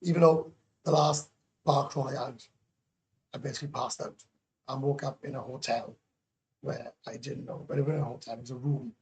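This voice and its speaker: A man calling into a livestream, telling stories in a rambling, excitable way with plenty of swearing and tag questions. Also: medium pitch, normal speed, pauses often. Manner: keeps adding tag questions. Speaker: guest YouTuber calling into a livestream. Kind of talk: casual livestream chat.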